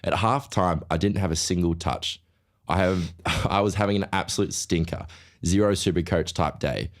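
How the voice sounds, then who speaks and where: A man's voice: low-pitched, moderate pace. A young man, a podcast co-host reading listener stories aloud in a casual way. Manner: reads aloud with laughs.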